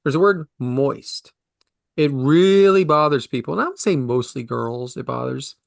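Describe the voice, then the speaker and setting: A man's voice: mid-range voice, lively intonation, a little slow, creaky, no echo, clean studio sound. A man co-hosting a casual podcast, ranting in mock outrage about words he hates. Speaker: podcast co-host.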